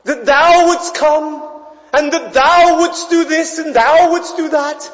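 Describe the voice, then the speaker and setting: A man's voice: very high voice, fairly even intonation, fairly bright tone, voice pushed up, exaggerated voice. A man putting on a pompous praying friend. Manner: pompous, archaic, drawn-out. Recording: echoey hall, dull sound.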